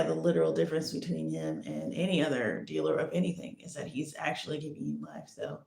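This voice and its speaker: Creaky-voiced woman telling a rambling story. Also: sits low. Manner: rambling, many restarts and "like"s. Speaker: podcast host. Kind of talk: casual personal storytelling. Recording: echoey room.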